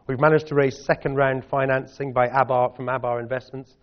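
A man's voice: mid-range voice, little pitch movement, a little fast. A middle-aged Scottish man answering audience questions in a chatty, self-deprecating way. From Scotland. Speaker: guest speaker. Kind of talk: public talk and Q&A. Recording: dull lo-fi audio.

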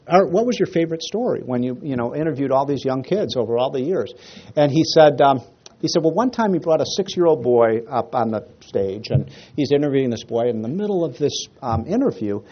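A man's voice: medium pitch, dull audio. A man giving a speech to an audience, telling a funny story with many fillers and restarts. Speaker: speaker. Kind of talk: after-dinner speech.

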